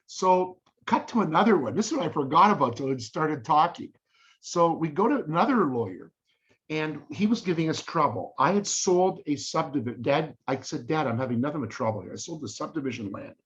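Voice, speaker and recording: A man's voice: fairly high pitch, fairly quick. An older man telling real estate stories in a casual monologue, acting out the people he quotes. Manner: animated, acts out quoted voices. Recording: dull lo-fi audio.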